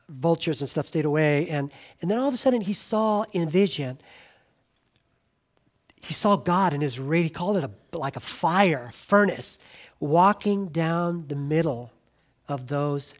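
A man preaching a sermon in an earnest way, rising to emphatic lines and dropping to quiet, soft appeals, with frequent restarts. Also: fairly high pitch.

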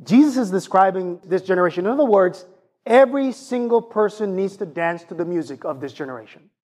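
A man preaching a sermon in an animated, conversational way, often turning to ask his congregation questions. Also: high voice, a little fast.

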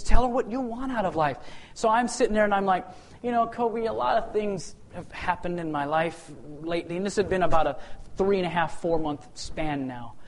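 A man sharing a personal testimony as an animated story, acting out the dialogue and often repeating words as he restarts. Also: high voice. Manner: acts out the dialogue, voice swings from loud to hushed.

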